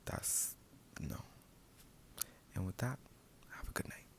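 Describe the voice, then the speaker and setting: A young man telling a casual, profane story in a soft-spoken, half-whispered ASMR role-play, breaking into sudden loud outbursts. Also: slow.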